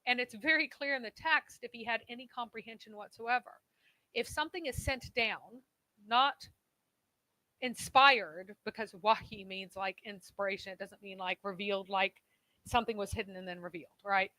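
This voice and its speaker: Woman, native English speaker, bright tone, explanatory, dry recording. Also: medium pitch, normal speed, no echo, poor audio. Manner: articulate, explanatory, wry. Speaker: guest co-host. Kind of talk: live-stream discussion.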